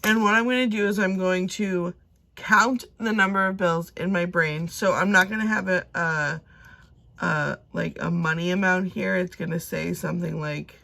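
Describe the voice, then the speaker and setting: A woman's voice: lowish voice, creaky, fairly bright tone. A woman in her thirties chatting casually to camera at home, rambling and talking herself through her plans with many fillers. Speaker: cash budgeting vlogger.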